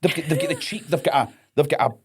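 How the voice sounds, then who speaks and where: A man's voice: fairly high pitch, wildly swooping pitch, quick pace, slightly rough. A Scottish man, a wrestler guest on a podcast, chatting casually and ranting with lots of swearing and comic exasperation. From Scotland. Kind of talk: casual chat.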